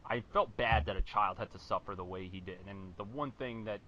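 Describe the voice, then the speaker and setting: A man's voice: lowish voice, a little fast, a little hiss or hum. A man co-hosting a wrestling podcast, chatting casually and laughing as he recounts moments. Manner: animated, laughs while recounting. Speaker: podcast co-host. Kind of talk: casual chat. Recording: dull lo-fi audio.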